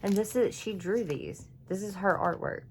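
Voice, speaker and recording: A woman's voice: mid-range voice, normal speed, darkish tone, a little hiss or hum. A woman chatting in her home craft room, gushing and emotional as she unboxes craft supplies for viewers. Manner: gushing, emotional, chatty, says y'all a lot. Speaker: craft YouTuber. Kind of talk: casual craft unboxing vlog.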